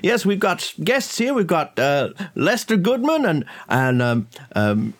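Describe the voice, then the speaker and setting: A man doing a high, flustered house host. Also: big pitch swings, measured pace. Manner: forgetful, with many hesitations.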